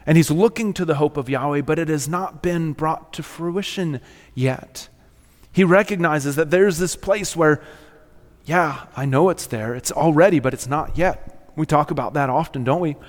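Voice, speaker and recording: A middle-aged man preaching a sermon in a church, earnest and storytelling, often dropping to a soft near-whisper. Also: fairly high pitch. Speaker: pastor. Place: church sanctuary. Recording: long hall reverb.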